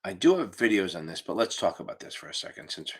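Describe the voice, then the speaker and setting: A man's voice: low voice, sing-song, fast talker, husky. A man teaching a live online exam-prep session over a video call, casual and joking, with the odd curse. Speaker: exam tutor. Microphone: computer mic on a video call.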